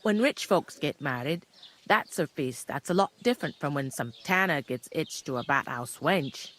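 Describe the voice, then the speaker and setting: A woman's voice: low voice, animated, normal speed, fairly bright tone. Game tavern keeper, woman, gossipy and blunt, shifting accent, light hiss behind. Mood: chatty. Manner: accent drifts between regions mid-sentence.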